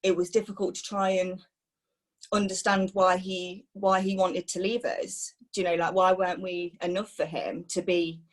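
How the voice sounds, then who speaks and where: A young Englishwoman with a low voice tells her own story as a personal testimony. She talks haltingly, with frequent pauses and restarts. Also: flat delivery. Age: young adult.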